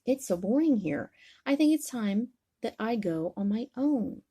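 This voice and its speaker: A woman's voice: on the high side, expressive, a little slow, warm tone, slightly rough, pitched above the performer's own voice. A woman voicing a sad, lonely female cow with a plaintive, wistful manner in a bedtime storybook reading.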